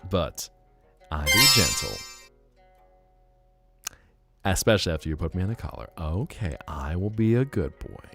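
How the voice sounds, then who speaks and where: A man's voice: deep voice, very animated, normal speed, long pauses. A man streaming live, chatting casually and playfully teasing his viewers as he reacts to chat. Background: faint guitar music.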